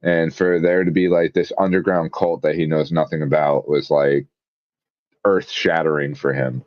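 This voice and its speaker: A man with a low voice chatting on a podcast, rambling and eager, full of fillers. The recording is dull and lo-fi with a dry, close sound. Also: little pitch movement, normal speed, no echo. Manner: rambling, filler-heavy, enthusiastic. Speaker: podcast co-host. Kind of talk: casual chat.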